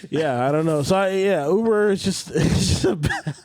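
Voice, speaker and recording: A man's voice: a little high, unhurried, dry recording, clean studio sound. A man co-hosting a podcast, telling stories in casual chat, swearing often and acting out what people said. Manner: animated storyteller, swears often, acts out quotes. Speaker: podcast co-host.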